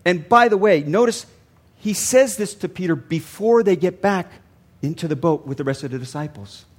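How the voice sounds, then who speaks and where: High-voiced older man preaching a sermon. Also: lively intonation, moderate pace. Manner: earnest, repeats lines for emphasis. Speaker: pastor.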